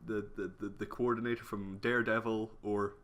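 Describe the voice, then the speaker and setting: A young man with a low but bright, forceful voice chats casually as a podcast co-host. He talks offhandedly, trails off mid-sentence and drops the odd swear word. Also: flat delivery, brisk. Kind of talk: casual chat.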